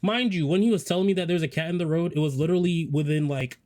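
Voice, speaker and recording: A man's voice: a little high, fast, a little mellow. A man casually telling a personal story to viewers, rambling with profane, joking asides. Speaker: storyteller vlogger.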